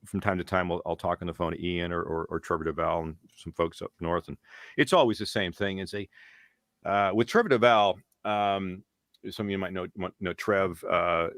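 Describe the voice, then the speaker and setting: A man with a slightly low voice tells stories as a guest in an interview. He is animated and keeps slipping into playful character voices. The sound is dry and close. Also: normal speed, no echo. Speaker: voice actor guest. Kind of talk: casual interview.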